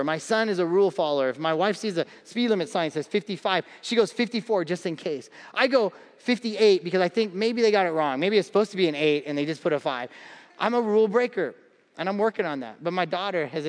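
A pastor in his thirties preaches with playful energy, slipping into acted-out voices as he tells stories. His voice sits a little high for a man. The sound carries a long reverb from a large church hall. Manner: animated storytelling with acted-out voices and humor. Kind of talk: sermon.

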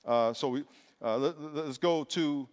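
A middle-aged man preaching a lively, emphatic sermon in a church, calling on the congregation to answer back. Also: a little high, measured pace. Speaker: pastor. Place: church sanctuary. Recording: long reverb of a large hall.

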